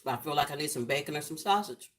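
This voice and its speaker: Middle-aged woman, low warm speaking voice, chatty home cooking host talking to her viewers. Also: lively intonation, racing. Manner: chatty and affectionate, talking to the comments. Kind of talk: casual livestream chat with viewers. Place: home, lit by a ring light.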